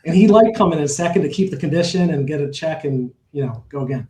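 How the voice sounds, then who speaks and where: A man's voice: on the high side, quick pace, hardly any pauses, warm tone, echoey room, slight background noise, rough recording. A middle-aged man, a horse owner, telling stories in a casual interview, rambling with many fillers and restarts.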